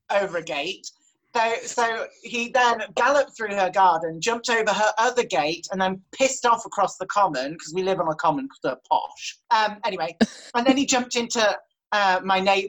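A young adult woman telling a story in casual chat, animated and laughing, with plenty of swearing. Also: mid-range voice, rough recording. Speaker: guest, horse rider.

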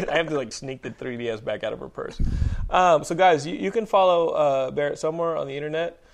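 A man hosting a casual podcast, loose and joking, and quick to swear. His voice sits a touch higher than most men's. He talks in easy asides and playful jabs. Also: vocal fry. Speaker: podcast host. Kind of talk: casual chat.

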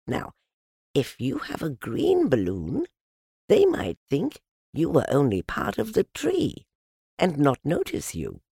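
A man voicing a gentle, slow-witted teddy bear in a storybook reading, with an earnest, musing manner. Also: mid-range voice, vocal fry, slightly rough, no echo, pitched above the performer's own voice, full character voice. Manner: earnest, musing, drawn-out phrasing.

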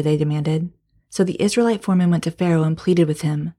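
A woman leads a devotional Bible study, reading scripture aloud and talking it through with her listeners, whom she calls her friends. Her voice sits low, with a dark, mellow tone. She sometimes drops to a whisper to stress a point. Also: steady tone, a little fast. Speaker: Bible study podcast host.

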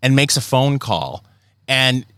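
A man's voice: mid-range voice, very animated, slow pace, a bit bright, clear, resonant tone, dry recording, clean studio sound. A man co-hosting a podcast, chatting casually with a wry, teasing humor. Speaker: podcast co-host. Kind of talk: casual banter.

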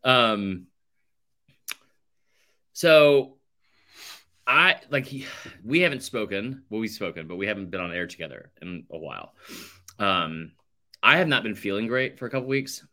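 A man's voice: fairly low pitch, animated, a little slow, pauses often, sharp tone. A male podcast co-host telling a rambling, sarcastic story in casual chat, saying "like" constantly. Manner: rambling, sarcastic, heavy use of "like".

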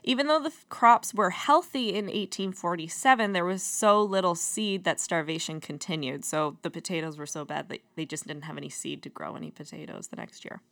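A woman's voice: lowish voice, brisk, hardly any pauses, no room sound. Young woman explaining history, dry. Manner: explains from notes, laughs often, drops her voice for dark points. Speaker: podcast co-host. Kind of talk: history podcast chat.

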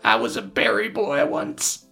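A man's voice: sits high, sing-song, brisk, vocal fry, a bit bright, faint music behind, voice pushed up, full character voice. A man voicing a grieving old male elf who speaks in a quavering, tearful way. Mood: wistful.

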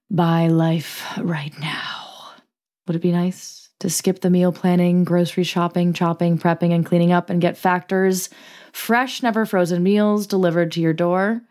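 A woman co-hosting a podcast in casual, playful chat, laughing often and reading sponsor copy briskly. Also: on the low side, a little mellow. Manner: playful, giggly, reads ads briskly. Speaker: podcast co-host.

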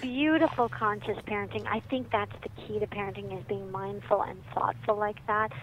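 A middle-aged woman, a psychiatrist and author, telling stories in a lively, animated way as a guest. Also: medium pitch, normal speed. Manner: lively, animated storyteller who laughs often. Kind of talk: storytelling in a conversation. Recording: muffled with faint background noise.

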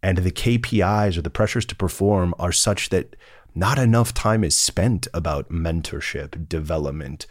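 A man's voice: sits low, normal speed, no room sound, clean studio sound. A man, a partner at an executive search firm, speaking in a conversational interview with an earnest, polished business manner.

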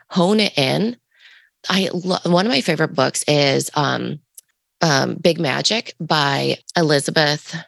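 Raspy low-voiced woman coaching, gravelly. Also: dry recording. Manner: rambling, coaching tone with many fillers. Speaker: podcast co-host. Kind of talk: casual podcast monologue.

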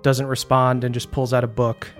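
A game master narrates a fantasy scene in a mid-pitched male voice, vivid and animated, over faint background music. He calls for rolls between descriptions. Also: moderate pace.

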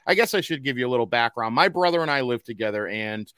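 A man's voice: mid-range voice, expressive, quick pace, bright, forceful tone, clean tone, no room sound, clean studio sound. A man with a Boston accent hosting a casual podcast, rambling through fillers and restarted sentences. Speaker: podcast host.

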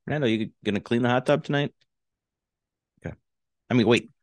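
A man's voice: mid-range voice, fairly quick, darkish tone, dry recording. A man co-hosting a podcast, joking playfully and teasing in casual banter. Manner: playful, teasing, flirty joker. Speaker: podcast co-host.

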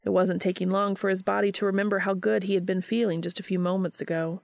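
A woman narrating a story in a steady, even-paced reading. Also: mid-range voice, fast talker, vocal fry, few pauses, no room sound, clean studio sound. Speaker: audiobook reader.

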